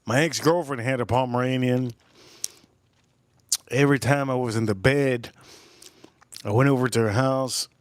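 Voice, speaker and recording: Man, livestream host, rambling, crude, repetitive, mid-pitched, dry room. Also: moderate pace, pauses often, no room sound. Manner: rambling, crude, repeats himself. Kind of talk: casual storytelling on a livestream.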